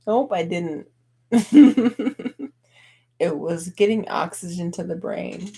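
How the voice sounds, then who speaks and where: A soft-spoken woman co-hosting a casual show and teasing her co-host. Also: lowish voice, lively intonation, slow pace, creaky, breathy edge. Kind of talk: casual chat.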